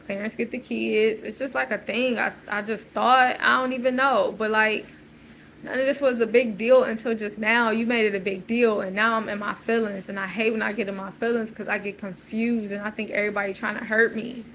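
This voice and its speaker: A woman's voice: a little high, steady tone, a little fast, a bit bright, a little hiss or hum, rough recording. A woman in an unscripted emotional monologue, rambling and agitated, repeating "like" as she talks. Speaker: vlogger.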